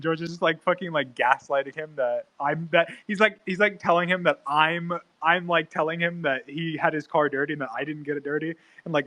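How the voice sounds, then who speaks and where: A man's voice: a little high, fairly quick, hardly any pauses, bright, forceful tone. A young man streaming, telling a rambling, profane story full of fillers and restarts. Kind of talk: casual livestream chat.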